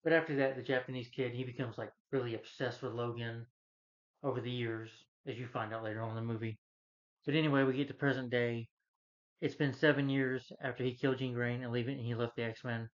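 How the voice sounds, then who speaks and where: A man recaps a movie scene by scene in a loose, rambling way, stumbling over his words and leaning on fillers. His voice sits at an ordinary middle pitch. The recording sounds a little dull and lo-fi. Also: steady tone. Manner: rambling, halting, full of "you know" and restarts. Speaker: movie reviewer. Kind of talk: casual plot retelling.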